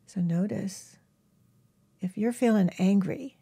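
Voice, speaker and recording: Soft, breathy woman giving gentle advice. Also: a little high, animated, unhurried. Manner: gentle, often drops to a soft whisper. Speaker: animal communicator and healer. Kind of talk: casual self-help talk to camera.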